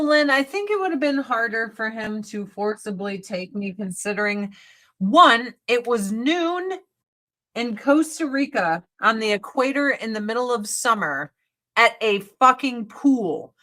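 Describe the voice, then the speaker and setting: A woman's voice: a little high, bright, forceful tone. Blunt, foul-mouthed woman streamer. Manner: blunt, profane, ranting. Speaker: livestream host. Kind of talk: casual chat while doing makeup.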